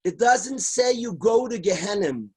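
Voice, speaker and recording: Rabbi on a video call, high husky voice, earnest and emphatic. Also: male voice, lively intonation, a little slow, low-quality recording. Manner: earnest, emphatic, repeats key phrases, sometimes shouts. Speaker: rabbi teaching a class. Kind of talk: Torah lecture.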